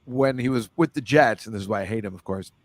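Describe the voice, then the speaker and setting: A man's voice: on the low side, fast, no room sound. A man hosting a casual football picks chat over a video call, rambling loosely and laughing often. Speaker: host.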